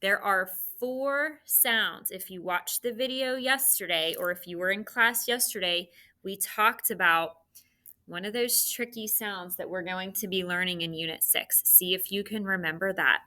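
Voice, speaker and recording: A woman teacher dictating spelling sounds and words to students, with slow, clearly enunciated delivery. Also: on the low side, pushed and bright.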